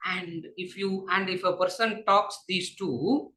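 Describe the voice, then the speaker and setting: Tamil-accented male lecturer, bright and high, circles back on his own lines in class. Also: a little slow, hardly any pauses, poor audio. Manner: rhetorical questions, repeats phrases, drops to asides. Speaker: spiritual lecturer.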